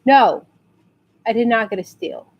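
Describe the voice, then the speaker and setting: A woman from San Antonio, Texas, chatting casually in a rambling way and acting out quotes in high squeals. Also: measured pace, muffled recording. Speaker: vlogger. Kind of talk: casual storytelling rant.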